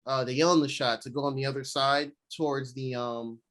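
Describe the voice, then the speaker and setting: A man's voice: medium pitch, steady tone, brisk, a bit bright. A young man co-hosting a podcast, giving a loose, rambling recap of an episode in casual slang. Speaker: podcast co-host. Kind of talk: casual chat.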